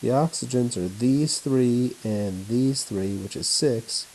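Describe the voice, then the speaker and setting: A male teacher walking through a chemistry lesson at home on his laptop, in a flat, announcer-like voice. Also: mid-range voice, takes it slowly, a little hiss or hum, poor audio. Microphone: laptop mic.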